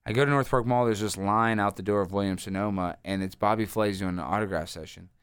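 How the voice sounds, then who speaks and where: A man in his thirties, a guest telling rambling, animated stories with lots of fillers. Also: fairly low pitch, fast talker, clean tone, no room sound. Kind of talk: casual interview storytelling.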